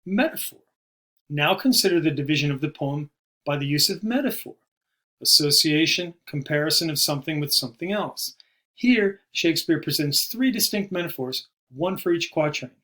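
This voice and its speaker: A man giving a recorded poetry lesson, explaining terms in a measured way and slowing down to stress key words. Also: on the high side, lively intonation, a bit bright. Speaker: poetry teacher. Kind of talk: recorded video lecture.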